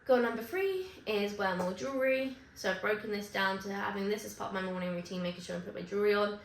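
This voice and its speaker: A vlogger chats to camera in a rambling, easygoing way, correcting herself and dropping little asides. Her mid-pitched, gravelly voice moves quickly and echoes around the room over a faint hum of ambience.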